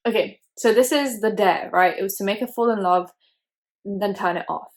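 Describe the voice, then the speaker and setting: Young female vlogger, casual and opinionated, mid-pitched, talking over a film. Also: normal speed. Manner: chatty, opinionated, lots of "like". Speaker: YouTuber host. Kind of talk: casual movie reaction commentary.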